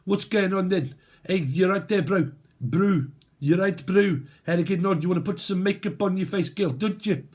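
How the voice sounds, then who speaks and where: A man voicing a brash man who teases and calls out to people, in a husky voice. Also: high-pitched, moderate pace, a little mellow, voice pushed up. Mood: mocking.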